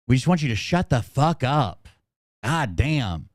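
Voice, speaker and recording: A man's voice: medium pitch, big pitch swings, a little slow, no room sound, studio quality. A man hosting a livestream, ranting in an angry, combative way and swearing constantly. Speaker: channel host.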